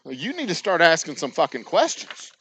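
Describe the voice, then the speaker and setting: Talking to camera for his distillery's channel, a man with a Texan accent rants sarcastically, swearing a lot and mocking others through imitations. His fairly high voice swings hugely in pitch at a moderate pace, with background noise present.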